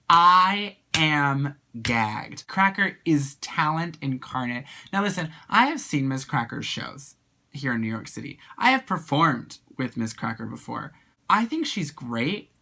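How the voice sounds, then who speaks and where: A drag performer reviewing an episode in a casual video, talking in animated, slang-filled bursts. The voice has a bright, forceful edge and a middling pitch, and it leaps high whenever excitement hits.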